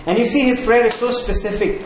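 Male preacher, high-pitched voice, questioning the congregation, heavy room echo. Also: fairly even intonation, brisk, slight background noise. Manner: asks the congregation questions, repeats key phrases. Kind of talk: sermon. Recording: very echoey room with faint ambience.

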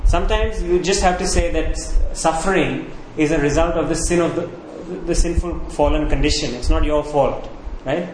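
A man's voice: on the high side, steady tone, moderate pace, hardly any pauses, slight background noise. A man preaching a sermon, who asks his listeners questions and repeats key phrases. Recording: very echoey room with faint ambience.

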